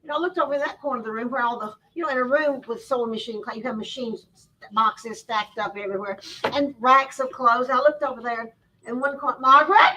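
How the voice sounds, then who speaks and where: A woman with a high, bright voice tells a lively story to a crowd, laughing as she goes. She is picked up from some distance away in a shop. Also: a little fast. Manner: Southern-style folksy talk, laughing through her story. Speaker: sewing teacher and storyteller at a store event. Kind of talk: animated storytelling to a live audience.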